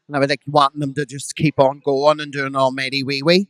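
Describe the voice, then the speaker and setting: A man in his fifties with a Belfast accent, a drag performer telling bawdy, animated stories as a guest on a live podcast. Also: medium pitch, a little fast, hardly any pauses, clear, resonant tone, no echo. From Northern Ireland. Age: 50s. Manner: bawdy, animated anecdotes with quoted voices. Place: live podcast stage, dry close mic.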